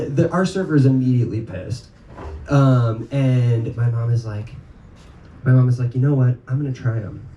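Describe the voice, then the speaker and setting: Telling a story live to an audience, a North Dakota man rambles casually with plenty of ums and swearing, his mid-range voice dark in tone. The recording comes from a distance in a noisy, echoey room.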